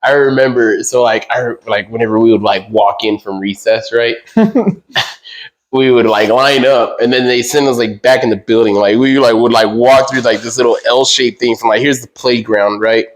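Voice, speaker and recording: A man's voice: medium pitch, moderate pace, poor audio. A young man co-hosting a podcast, telling a childhood story in loose casual chat with lots of fillers and swearing. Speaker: podcast co-host.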